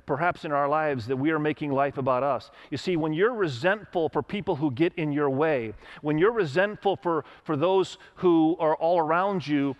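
A man's voice: fairly high pitch, moderate pace, hardly any pauses, dull audio. A middle-aged man preaching a sermon to his church, telling stories and acting out the people in them, with emphatic rises in his voice. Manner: storytelling with acted quotes, emphatic rises. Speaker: pastor.

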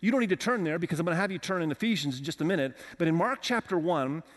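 A man's voice: a little high, lively intonation, very fast, long reverb tail. A man preaching a sermon as pastor, talking conversationally and putting questions to the congregation. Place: church with several campuses.

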